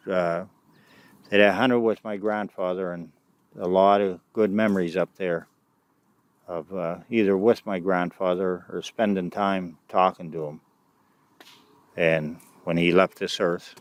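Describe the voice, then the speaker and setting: A middle-aged man casually recounting his years of mentoring kids, speaking haltingly with frequent restarts and side remarks. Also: low voice, fairly even intonation, no echo. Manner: halting and unpolished, with many restarts and "anyway" asides. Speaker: youth mentor recounting experiences. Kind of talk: casual personal storytelling.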